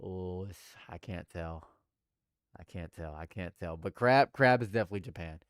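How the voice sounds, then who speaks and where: A young man doing live reaction commentary, jumping between loud exclamations and low repeated mutters while bantering with his chat. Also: moderate pace, smooth, no room sound, clean studio sound. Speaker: livestream commentator.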